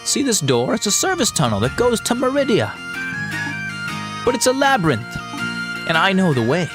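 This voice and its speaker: A sly little squirrel bard with a put-on Irish lilt, as a man voices him, pitched up high and coaxing, his voice swinging up and down with each line. Faint instrumental music plays underneath. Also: wildly swooping pitch, normal speed. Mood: wily, coaxing. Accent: attempted Irish. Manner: folksy, lilting, coaxing. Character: cheerful male squirrel bard, small and wily.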